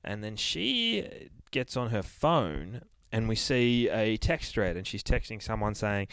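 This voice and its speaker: A man's voice: on the low side, sing-song, takes it slowly, a bit bright, clean tone, no room sound. A man hosting a podcast, recapping a comic in a loose, profane, rambling way with lots of fillers. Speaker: podcast host reviewing a comic.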